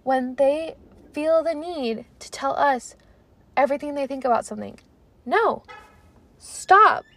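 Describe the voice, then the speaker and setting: A woman's voice: sits high, expressive, measured pace, pauses often, a bit bright. A young woman in her twenties hosting a podcast, chatting casually and animatedly, with lots of "like" and unfinished thoughts. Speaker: podcast host. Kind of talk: casual chat.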